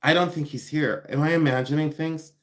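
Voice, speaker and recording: A man hosting a casual live stream, chatty and excitable, talking straight to the chat and slowing down to explain details. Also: a little high. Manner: slows down to explain quilt details. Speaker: live-stream reseller host.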